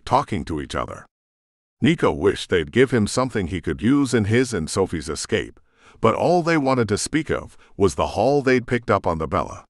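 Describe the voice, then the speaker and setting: Deep-voiced male audiobook narrator. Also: no echo, studio quality.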